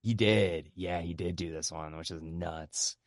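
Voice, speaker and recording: A man's voice: deep voice, steady tone, unhurried, no echo, clean studio sound. A man hosting a podcast, chatting casually about a film, laid-back, swearing freely and steering the talk along.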